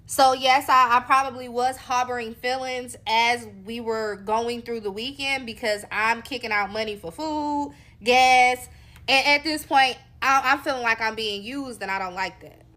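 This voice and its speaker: A woman's voice: a little high, a little slow, sharp tone. A woman from North Carolina, candidly telling viewers her own story in a casual, conversational way. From North Carolina, USA.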